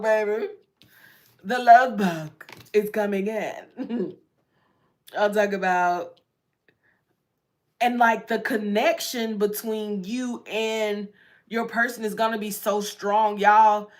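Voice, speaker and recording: A woman's voice: medium pitch, slow pace, long pauses. A woman giving a casual tarot reading, chatty and repetitive, often breaking into laughs. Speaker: tarot reader.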